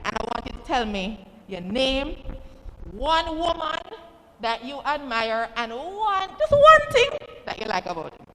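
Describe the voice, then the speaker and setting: A woman with a Jamaican accent hosting a student event, energetic and teasing, calling for responses from the crowd. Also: sits high, unhurried. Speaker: event host. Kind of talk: motivational address to students. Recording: reverberant hall, faint ambient noise.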